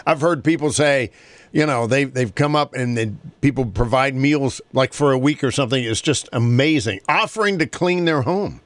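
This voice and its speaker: A man's voice: mid-range voice, moderate pace, no room sound. A man hosting a talk show, reading a moving story aloud and then chatting earnestly about helping caregivers. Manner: earnest, conversational.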